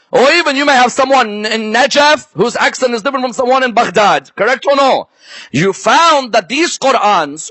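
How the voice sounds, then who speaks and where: A man's voice: very high-pitched, fairly bright tone, dry recording. A man giving a live religious history lecture who keeps checking in with his listeners through rhetorical questions. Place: lecture before a live audience.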